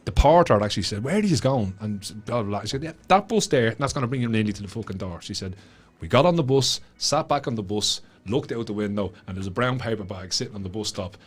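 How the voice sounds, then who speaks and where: A man with a Dublin Irish accent, a guest author telling a story with lots of swearing and acted-out voices. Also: on the low side. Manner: swears freely, acts out the voices in his stories. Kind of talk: animated storytelling.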